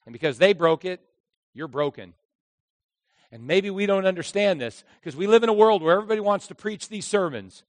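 Pastor, male, high voice, animated sermon delivery, dry close mic with a long hall tail. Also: moderate pace. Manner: animated, acts out voices of characters.

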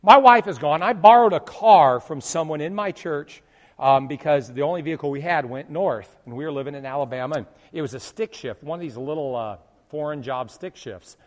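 A middle-aged male pastor telling a humorous story in a sermon, jumping from loud exclamations to quiet asides. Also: on the high side, a little fast, long reverb tail.

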